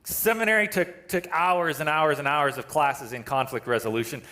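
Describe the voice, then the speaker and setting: A man's voice: fairly high pitch, moderate pace, bright, forceful tone. A male pastor preaching a sermon, telling a story with self-deprecating humor and laughing at himself. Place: church sanctuary.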